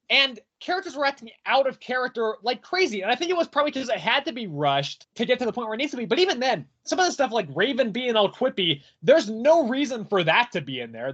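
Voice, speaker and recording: Animated, profane man ranting on a podcast. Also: very high-pitched, muffled recording. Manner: animated, profane, rants with acted-out quotes. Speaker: podcast co-host reviewing comics. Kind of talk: casual podcast chat.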